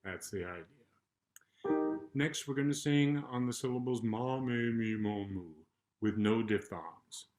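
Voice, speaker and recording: An older man, a choral conductor, calmly and patiently talking singers through a vocal warm-up and demonstrating the sounds. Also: mid-range voice, measured pace, soft background music. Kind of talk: spoken vocal instruction between sung exercises.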